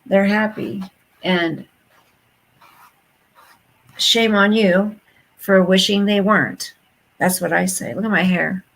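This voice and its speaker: A woman's voice: mid-range voice, slow, vocal fry, pauses often, a bit bright, poor audio. A woman in her fifties chatting casually and bluntly to her viewers, telling gossipy stories. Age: 50s. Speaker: vlogger.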